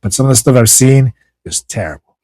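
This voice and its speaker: A man co-hosting a casual podcast, reading news items aloud and breaking off into profane, sarcastic rants. His voice sits in an ordinary middle pitch. The sound is dry and close to the mic. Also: expressive, fairly quick, darkish tone, no room sound. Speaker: podcast co-host.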